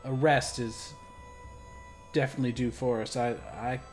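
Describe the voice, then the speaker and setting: A man's voice: mid-range voice, fairly even intonation, normal speed, soft background music. A man playing in a tabletop role-playing game, recapping plainly with some restarts. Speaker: player. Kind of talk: in-character tabletop play.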